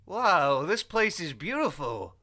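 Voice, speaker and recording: A man's voice: fairly high pitch, sing-song, slow pace, pushed and bright, voice pushed up, heavily acted. A man voicing a clueless young male noob gamer with a wide-eyed, bewildered manner, recorded as video game voice acting takes. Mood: awestruck.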